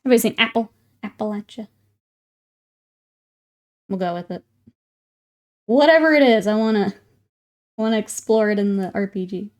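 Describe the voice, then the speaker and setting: A woman's voice: medium pitch, a little fast, pauses often. A young woman chatting casually with her live-stream viewers while painting miniatures, laughing often and greeting newcomers.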